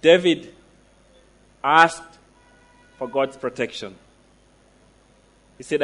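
A man preaching a sermon, emphatic, slowing down to stress declarations and asking the listeners direct questions. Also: fairly high pitch, animated.

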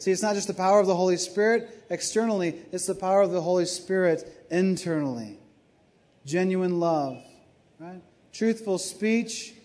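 High-voiced guy preaching in church, punchy and emphatic, lots of "right?". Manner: emphatic, frequent "right?" asides, swings between loud bursts and low asides. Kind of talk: sermon.

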